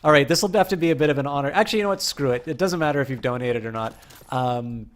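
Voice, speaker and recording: A man's voice: mid-range voice, fast. A man streaming a game, chatting casually with viewers in a rambling way full of fillers.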